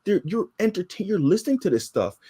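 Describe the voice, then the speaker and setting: A man's voice: high-pitched, very animated, quick pace, warm tone, breathy edge. A man co-hosting a casual commentary chat, rambling and laughing as he talks.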